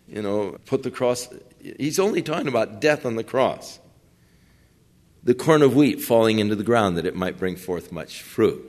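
A man preaching a sermon, reading scripture quietly and building to emphatic points. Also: lowish voice. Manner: quotes scripture softly, then rises in emphasis. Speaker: pastor.

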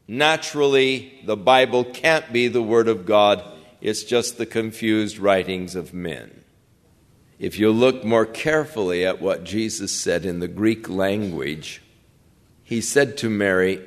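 Older man, pastor, slow deliberate sermon, mid-pitched voice, long hall reverb. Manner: slow, measured preaching with acted-out quotes.

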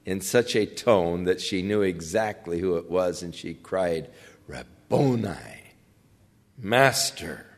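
An older man preaching a sermon in a slow, measured way, acting out the lines he quotes. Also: mid-range voice, a bit bright. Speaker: pastor. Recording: long reverb of a large hall.

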